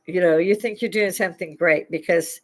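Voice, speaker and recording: A woman's voice: fairly low pitch, a little fast. An older woman from Chicago hosting a live stream, telling rambling stories into a lapel mic and often laughing mid-sentence. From Chicago, USA. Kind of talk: casual storytelling chat.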